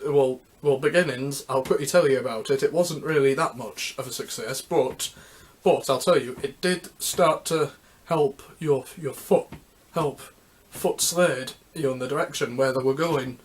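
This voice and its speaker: Guy rambling about music history, mid pitch, lots of stops and restarts, super casual. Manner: rambling, halting, with many restarts. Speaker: music history video host. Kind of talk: casual unscripted talk.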